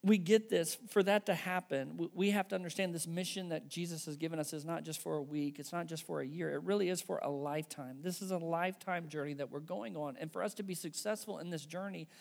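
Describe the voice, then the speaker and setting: A man's voice: a little high, a little fast, vocal fry. A man preaching a conversational sermon to his church, emphatic and frequently checking in with "right?" and "okay". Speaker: pastor.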